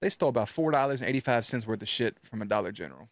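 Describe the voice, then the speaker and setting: A man's voice: mid-range voice, expressive, rapid-fire. A man hosting a reaction video, talking back to the screen in blunt, profane casual commentary.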